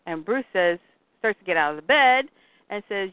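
A woman's voice: fairly low pitch, expressive, normal speed, no room sound. A woman hosting a podcast, casually retelling a comic story and acting out the characters' lines. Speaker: podcast host. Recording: dry, tinny phone-like line.

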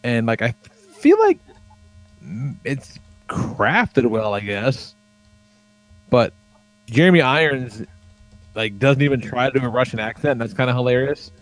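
A man's voice: mid-range voice, lively intonation, a little slow, long pauses. A man chatting casually on a podcast, swearing freely and rambling with lots of fillers as he tells stories. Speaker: podcast co-host.

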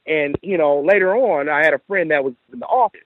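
A man's voice: fairly high pitch, brisk, no echo, phone-quality sound. Man telling a story, lots of "you know". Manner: animated retelling with quoted dialogue, frequent "you know". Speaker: caller. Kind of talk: casual storytelling.

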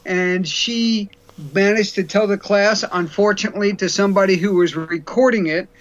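Radio guest commentator: man with a high voice, blunt and sarcastic, folksy, on dull lo-fi audio. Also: steady tone, moderate pace, noisy background. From New York.

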